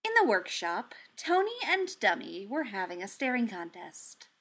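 A woman narrating a piece of fan fiction aloud, with expressive storytelling. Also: medium pitch, normal speed.

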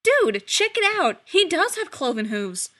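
A woman voicing a brash, protective young man who snaps back quickly. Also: very high voice, animated, voice pushed up. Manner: brash, snappy.

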